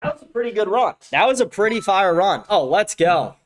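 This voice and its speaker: A man hosting his own livestream talks in a loose, rambling, profane flow and laughs often. His voice sits a little high for a man and swings up and down a lot. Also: expressive, fairly quick. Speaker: livestream host. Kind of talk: casual livestream chat.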